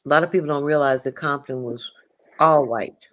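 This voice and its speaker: A woman's voice: deep voice, normal speed, a bit bright. A woman calling in to a live show, talking earnestly with many fillers. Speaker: caller. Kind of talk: call-in chat.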